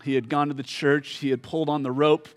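Guy preaching a sermon, tells it like a story, lots of uhs and pauses, goes quiet at the heavy parts. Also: a little high, level tone. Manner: storytelling, pausing with fillers. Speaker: pastor.

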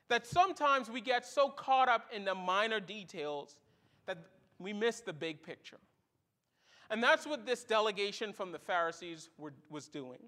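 A middle-aged man preaching a sermon as a pastor, telling stories and acting out the quoted voices in them. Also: extremely high pitch. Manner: animated storytelling, acts out quoted voices.

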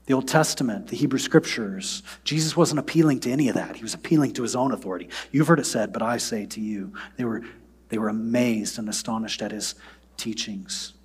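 Husky preaching man, loud then hushed. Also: a little high. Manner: swings from loud emphatic preaching to soft near-whispered prayer. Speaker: pastor. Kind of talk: sermon.

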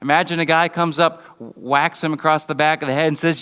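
A man's voice: a little high, steady tone, fairly quick, pushed and bright, smooth. A man preaching a sermon in a conversational, storytelling way, often restarting his sentences. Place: church hall. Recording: long reverb of a hall.

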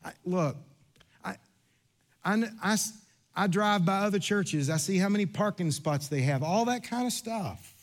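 A man in his fifties preaching a sermon, telling a story with lively quoted voices and rising to earnest emphasis. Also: sits high, measured pace. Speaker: pastor.

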